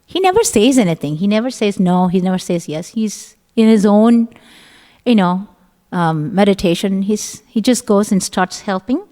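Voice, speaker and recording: A middle-aged woman giving a scripture class, telling the story in an animated way and acting out the voices of its characters. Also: mid-range voice, moderate pace. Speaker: class speaker. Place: temple hall. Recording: long hall reverb.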